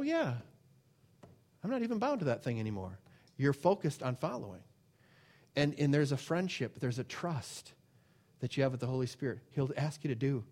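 Man, somewhat high voice, preaching informally, animated storyteller who repeats himself. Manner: repeats phrases, restarts. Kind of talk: informal sermon with personal story.

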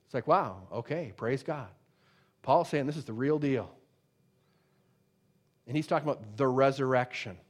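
A man preaching a sermon, emphatic and conversational, swinging between loud declarations and quiet asides. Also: mid-range voice, moderate pace, long pauses. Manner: emphatic preaching, rising and dropping in volume; conversational asides with many fillers. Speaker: pastor.

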